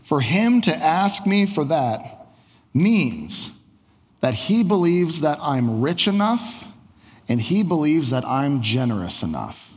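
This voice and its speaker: A man voicing a calm, generous ancient king who speaks in slow, measured pronouncements. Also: a little high, husky. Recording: long hall reverb.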